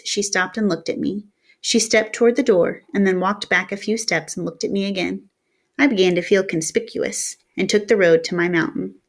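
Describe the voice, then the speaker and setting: A woman reading a novel aloud in a steady storytelling manner, narrating in the first person. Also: medium pitch, vocal fry. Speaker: reader. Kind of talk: audiobook narration.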